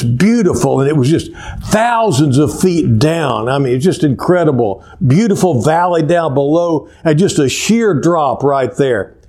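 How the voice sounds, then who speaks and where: A man's voice: on the high side, darkish tone. A man preaching a sermon as pastor, telling stories with emphatic repetitions and sometimes dropping to a near whisper.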